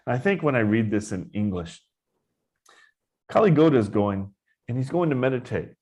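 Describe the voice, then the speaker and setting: A man who teaches Zen meditation, giving an informal dharma talk in a relaxed, conversational way. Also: mid-range voice, moderate pace, slightly rough.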